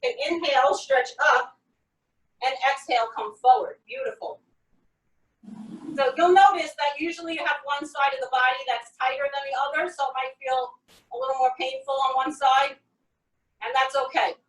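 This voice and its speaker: With a brisk, high-pitched delivery and a steady tone, a woman fitness coach counts reps and calls out upbeat step-by-step cues. She's in a home workout space, recorded in an echoey room by a mic set at a distance.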